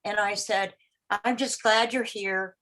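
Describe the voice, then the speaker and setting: A woman in her sixties on a video call, telling a personal story in a rambling, halting way, full of restarts and repeated words, and acting out the voices of the people in it. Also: medium pitch, fairly even intonation, a bit bright, poor audio. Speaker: meeting participant sharing a story.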